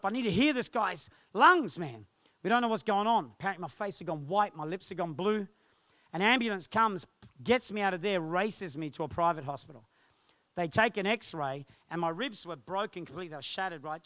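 A male pastor telling a personal testimony in a sermon, animated and acting out the voices of others. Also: high-pitched, a little fast, dry recording. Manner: animated storytelling, acts out quoted voices.

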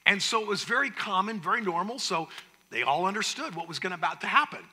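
Male pastor, storytelling sermon delivery, bright, slightly high voice. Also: animated, quick pace, slightly rough. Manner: storytelling preacher, swings from loud to hushed.

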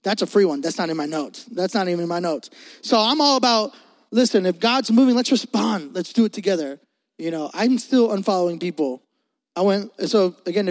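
A young man from Puerto Rico preaching a lively sermon with a high, bright voice. He is loud and playful, cracking jokes and calling out to the crowd between points. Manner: loud, joking, talks fast to the crowd. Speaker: pastor. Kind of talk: energetic youth sermon.

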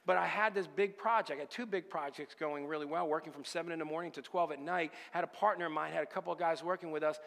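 A man's voice: on the high side, steady tone, fast talker, creaky, hardly any pauses, fairly bright tone, in a large hall. A male pastor telling a personal story in a sermon, talking conversationally and acting out the dialogue. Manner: conversational, retells events with quoted dialogue.

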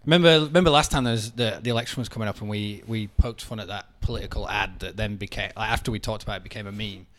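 A man's voice: fairly low pitch, fast, hardly any pauses, fairly bright tone. A young man co-hosting a casual podcast, teasing and laughing easily. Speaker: podcast co-host. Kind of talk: casual chat.

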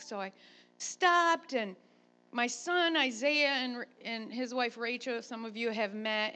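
A woman pastor, a grandmother, preaching a sermon and telling a chatty, animated personal story. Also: high-pitched.

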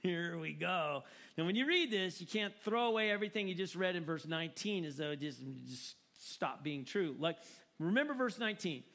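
A man preaching a sermon in an animated, joking way, often repeating words for emphasis. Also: high voice, normal speed. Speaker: pastor.

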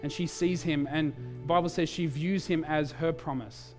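A man, a pastor, preaching a sermon in an animated storytelling way with quick asides. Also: fairly high pitch, faint music behind.

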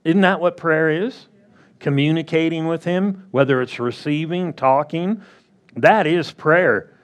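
A man preaching a sermon as pastor, drawing out words and acting out quick playful quotes. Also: on the high side. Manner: slow, drawn-out delivery with playful acted-out quotes.

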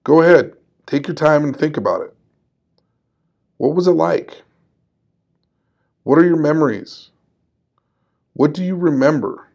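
Upbeat gravelly-voiced man hosting a podcast. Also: on the high side, animated, a little slow, long pauses, darkish tone. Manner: conversational, upbeat and encouraging; laughs at himself. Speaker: podcast host. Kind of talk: solo podcast monologue.

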